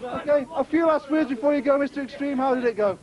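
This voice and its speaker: A high-pitched man calls the action in an over-the-top mock sports commentary, excitable and jokey. He works as master of ceremonies. The recording is a muffled amateur tape with a loud crowd roaring behind him. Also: fast.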